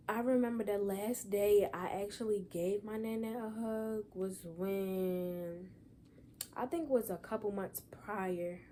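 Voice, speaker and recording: A woman's voice: medium pitch, dark tone, a little hiss or hum. Tearful young woman vlogging. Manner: rambling, repeats "y'all" and "like". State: holding back tears. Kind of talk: emotional personal vlog.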